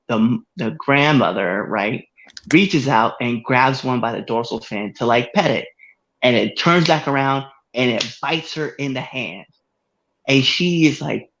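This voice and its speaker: A man co-hosting a podcast, telling a story in casual chat with frequent laughter and excited jumps in voice. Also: dull audio. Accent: Massachusetts. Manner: animated storyteller, laughs often, swings high when excited. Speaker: podcast co-host.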